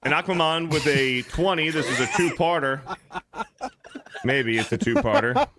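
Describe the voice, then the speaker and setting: A man's voice: fairly high pitch, lively intonation, normal speed, very noisy. A man hosting a live stream, reading viewer donations aloud with jokes in a casual chatty way. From USA. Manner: reads donor messages aloud, joking. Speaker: show host reading super chats.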